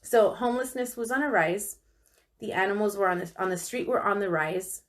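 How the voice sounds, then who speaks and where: A woman's voice: medium pitch, fairly quick. Upbeat, enthusiastic woman podcast co-host. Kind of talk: casual storytelling chat.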